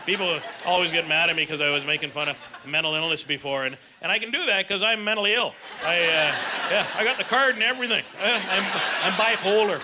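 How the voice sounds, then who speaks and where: Middle-aged stand-up, unusually high voice for a man, brash and self-mocking, live club set with loud laughter behind. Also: fast talker, noisy background. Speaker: stand-up comedian. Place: comedy club stage with a live audience.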